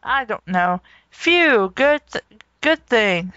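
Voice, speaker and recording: Slow, flat-reading woman with giggles. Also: on the high side, no echo, dull audio. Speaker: host reading fan fiction aloud. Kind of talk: comedic dramatic reading with commentary.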